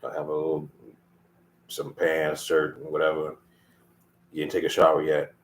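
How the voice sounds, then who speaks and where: A man's voice: very deep voice, completely flat delivery, moderate pace, slight background noise. A man giving an informal sermon, scolding and emphatic, repeating himself and swearing freely as he lectures his listeners. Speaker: lay preacher. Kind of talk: casual preaching.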